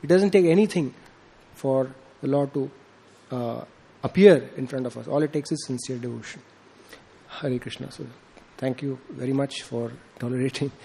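A man's voice: moderate pace, creaky, dark tone, slight background noise. A man giving an informal devotional sermon, telling a story with acted-out dialogue and many fillers. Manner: acts out quoted dialogue with rising pitch, frequent fillers. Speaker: speaker giving a devotional talk.

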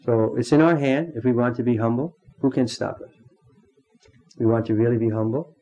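A man teaching a devotional class in a halting way, pausing often and clearing his throat. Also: mid-range voice, warm tone, lo-fi sound. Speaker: spiritual teacher.

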